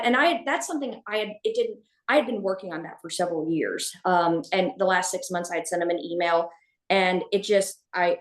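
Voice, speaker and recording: A woman telling a personal story as a podcast guest, speaking candidly, with many restarts and fillers. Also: on the low side. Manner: halting, with frequent restarts and fillers. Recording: echoey room.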